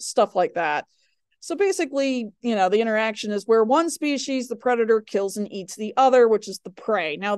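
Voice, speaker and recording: A woman's voice: mid-range voice, a little mellow, clear, resonant tone, no room sound, clean studio sound. A woman teaching a recorded biology lecture, rambling with lots of fillers and chatty personal asides. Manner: rambling, digressive, many fillers; chatty, tells personal anecdotes. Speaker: biology instructor.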